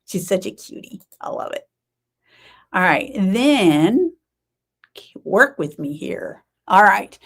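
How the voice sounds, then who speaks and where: A woman hosts a casual live-stream chat in a slightly low voice. She rambles easily, with lots of ums and quick self-corrections. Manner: chatty, rambling, many fillers and self-corrections. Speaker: podcast host.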